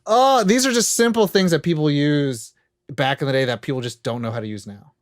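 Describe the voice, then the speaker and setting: A man co-hosting a casual movie podcast, animated, swearing casually while explaining film technique. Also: fairly high pitch, fairly quick, no room sound, studio quality. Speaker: podcast host.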